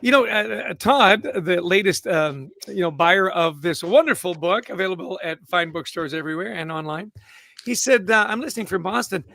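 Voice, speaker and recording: A man's voice: high-pitched, normal speed, vocal fry, sharp tone, no echo. A man hosting a livestream interview, talking with upbeat enthusiasm and frequent restarts. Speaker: host.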